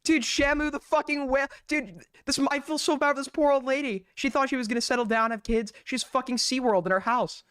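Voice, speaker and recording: A man's voice: extremely high pitch, steady tone, a little fast, few pauses, a bit bright, clear, resonant tone, dry recording. Sarcastic man, dry close sound. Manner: sarcastic, laughs often, swears casually. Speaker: streamer host reacting to a clip. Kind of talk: mocking live commentary.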